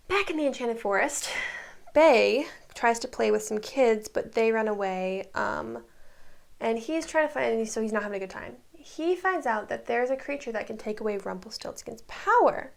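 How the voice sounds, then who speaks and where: Woman recapper, breezy and chatty, slightly high voice, vocal fry, talks straight to the viewer. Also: expressive, normal speed. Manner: chatty, retells scenes with "he's like" quotes. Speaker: TV recap creator. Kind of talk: casual plot recap.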